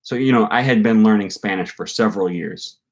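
Young male host, slightly low voice, loose rambling livestream chat, thinks out loud. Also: fairly quick. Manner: rambling, thinking aloud with many fillers. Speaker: language-learning channel host. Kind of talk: casual livestream talk answering comments.

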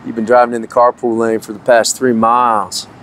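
A man's voice: medium pitch, little pitch movement, a little fast, a bit bright. A man playing a flustered, overly sensitive traffic police officer in a comedy sketch.

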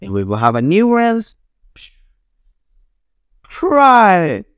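A woman's voice: fairly low pitch, huge pitch swings, very slow, clear, resonant tone, dry recording, clean studio sound. A young woman teacher drilling English words for children, repeating each one and laughing between examples. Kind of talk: classroom drilling lesson.

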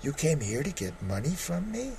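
A woman's voice: low voice, sing-song, moderate pace, creaky, mellow, a little hiss or hum, heavily acted, poor audio. An older man voicing a suspicious elderly mother who stammers and hesitates in a read-aloud story. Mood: wary.

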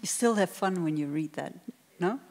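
A woman's voice: lowish voice, animated, normal speed, vocal fry, heavy background noise. A woman, a journalist, interviewing on stage in English and searching for her words. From Belgium. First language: Dutch. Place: theater hall on stage. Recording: long reverb of a theater hall.

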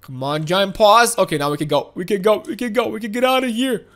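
A woman giving excitable, giggly live commentary while playing a game. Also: medium pitch, brisk. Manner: excitable and giggly, frequent laughs and exclamations. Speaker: gaming video host.

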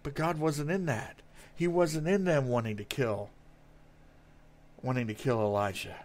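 A man's voice: medium pitch, fairly even intonation, unhurried. A man preaching a sermon in an earnest way, reading verses aloud and often repeating words as he goes.

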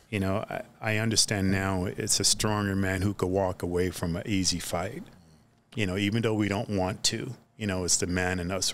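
A man telling stories in a casual podcast chat, animated, acting out the people in his stories. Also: low-pitched. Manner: animated storyteller who acts out the other people in his stories loudly. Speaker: podcast guest.

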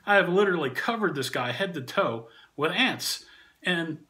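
A man casually telling a funny anecdote, animated and often laughing through the story. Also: on the high side, moderate pace. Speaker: channel host and storyteller.

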